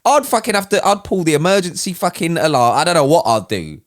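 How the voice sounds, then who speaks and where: A man's voice: on the high side, sing-song, brisk. A man co-hosting a podcast, talking animatedly and swearing a lot. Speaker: podcast co-host. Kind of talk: casual chat.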